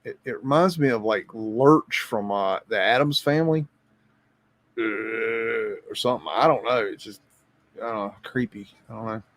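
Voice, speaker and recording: A man's voice: lowish voice, moderate pace, fairly bright tone. A man hosting a live stream, rambling and chuckling as he thinks aloud and reacts to images, often repeating his words. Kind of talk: casual live stream commentary.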